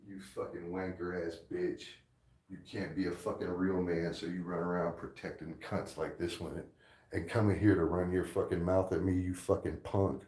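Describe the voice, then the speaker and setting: A man's voice: low-pitched, little pitch movement, normal speed, a little mellow, roomy sound, rough recording. A man ranting angrily at a commenter, insulting and aggressive, repeating himself. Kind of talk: angry profane rant.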